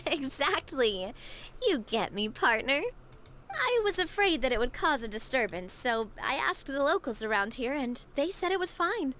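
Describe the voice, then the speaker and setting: A woman's voice: high voice, sing-song, measured pace, a bit bright, a little hiss or hum, heavily acted. A woman voicing a cheerful, sociable young woman in a video game, friendly and bubbly in manner. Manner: bubbly, friendly, calls others partner.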